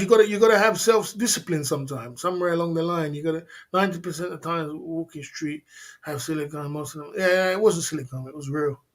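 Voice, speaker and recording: A man hosting a livestream, telling rambling stories with many repeats and laughs. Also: a little high. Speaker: livestream host. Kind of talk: casual storytelling.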